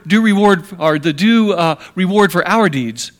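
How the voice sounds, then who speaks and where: A man preaching a sermon with dramatic swings between hushed and emphatic delivery. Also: sits high, normal speed, few pauses.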